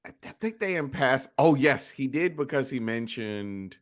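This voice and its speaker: A man's voice: medium pitch, expressive, moderate pace, no room sound, studio quality. A man co-hosting a movie review podcast, chatty and opinionated in casual conversation. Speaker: podcast co-host.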